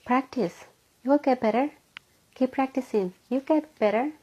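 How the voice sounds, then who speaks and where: A woman voicing a gentle, encouraging female teacher who soothes a frustrated child. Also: high-pitched, normal speed, breathy edge, highs cut off, voice pushed up. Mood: reassuring. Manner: soothing, reassuring.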